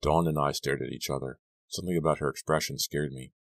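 A man with an exceptionally deep voice reads a horror audiobook in a measured, suspenseful manner. The sound is dry and close, with no room in it. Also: fairly even intonation, gravelly, no room sound. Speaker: audiobook narrator. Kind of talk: dramatic audiobook reading.

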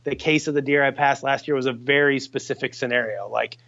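A man telling a hunting story in a casual, animated way, cursing freely and acting out his buddies' lines. His voice sits in an average range. The recording is a bit dull and lo-fi. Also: medium pitch, brisk. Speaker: guest hunter telling a story.

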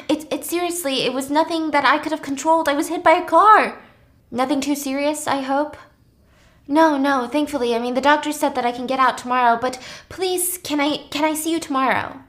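A woman's voice: sits high, a bit bright, voice pushed up. A woman voicing a tearful young woman who pleads and apologizes.

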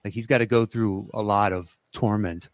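A man's voice: on the low side, fairly even intonation, normal speed, no room sound. A man co-hosting a podcast, teasing and dry in casual chat. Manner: dry, teasing, reads listener mail aloud. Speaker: podcast co-host.

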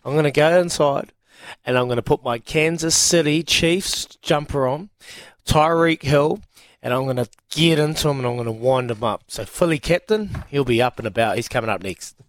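Playful radio host, dry studio. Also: male voice, fairly high pitch, moderate pace, no echo. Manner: playful, teasing, laughs easily. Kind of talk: casual radio banter.

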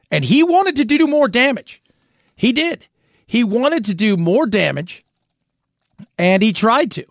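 A man's voice: high voice, dry recording. Sarcastic man with a dry close sound. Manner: sarcastic, rhetorical questions. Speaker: commentary show host. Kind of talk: opinionated news commentary.

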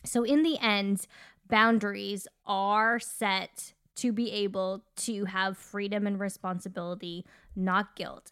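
A woman's voice: medium pitch, a bit bright, no room sound, clean studio sound. A woman co-hosting a casual faith-based marriage podcast. She agrees readily, gives short affirmations and laughs easily. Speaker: co-host.

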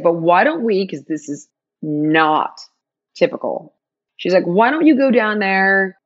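A woman telling a personal story in an interview, animated, acting out quoted dialogue with big jumps in her voice. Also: fairly low pitch, highs cut off.

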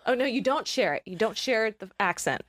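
A woman's voice: fairly high pitch, expressive, a little fast, a bit bright, dry recording, clean studio sound. A woman co-hosting a casual chat show, patiently explaining a party game. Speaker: podcast co-host.

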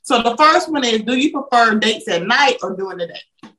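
A woman's voice: on the high side, lively intonation, moderate pace, sharp tone, poor audio. A woman hosting a casual interview, bubbly, exclamatory and teasing. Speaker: interview host.

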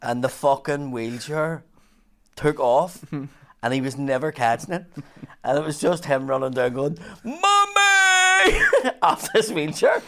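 A man with a Belfast accent, a comedian telling a sweary, animated story in casual chat. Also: a little high, slow pace. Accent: Northern Irish, Belfast. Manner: swearing, animated storyteller, laughing through lines. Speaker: comedian guest.

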